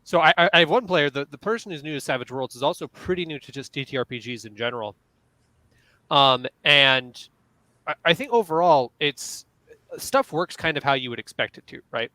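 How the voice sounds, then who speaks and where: A man's voice: fairly high pitch, lively intonation, fairly quick, sharp tone, no echo, low-quality recording. A man moderating a casual panel as a game master, explaining rules while thinking aloud.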